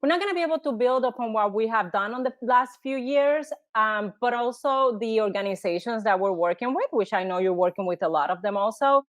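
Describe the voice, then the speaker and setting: A woman's voice: a little high, expressive, brisk, hardly any pauses, no echo. A woman guest, a community organizer from Puerto Rico, making her points earnestly in long run-on sentences. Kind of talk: earnest conversation.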